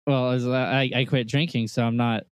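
A man with a mid-pitched voice co-hosts a casual podcast, recorded dry and close. He throws in quick jokes and tells short, funny anecdotes. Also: fairly even intonation, smooth, no echo. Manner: quick joking remarks, anecdotes. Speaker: podcast co-host, drummer. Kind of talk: casual chat.

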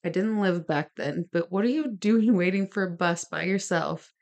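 Woman w a lowish voice reading true crime notes for a podcast, chatty little asides, talks w her hands. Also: moderate pace, a little mellow. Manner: gestures while talking. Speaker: podcast co-host. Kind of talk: casual true-crime storytelling.

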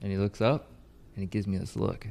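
Man, fairly low voice, casual chat, animated storyteller, swears, acts out quotes. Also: fairly quick, vocal fry. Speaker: co-host telling a story.

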